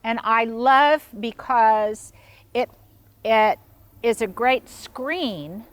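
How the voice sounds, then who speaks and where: A woman's voice: on the high side, very slow. A woman hosting a casual garden tour outdoors, gushing with praise as she walks and talks. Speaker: host touring a garden. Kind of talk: casual chat.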